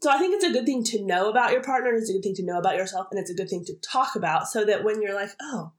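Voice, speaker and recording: A woman's voice: medium pitch, racing. Chatty young woman in an echoey room. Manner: chatty, laughs easily, thinks aloud with many "like"s. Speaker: podcast co-host. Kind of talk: casual chat.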